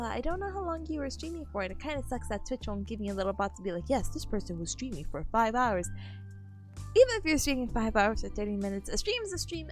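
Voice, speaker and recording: Young female streamer, high and lively, giggly, slightly nasal and worn, faint music underneath. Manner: bubbly, giggly, greets chat warmly. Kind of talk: casual live-stream chat.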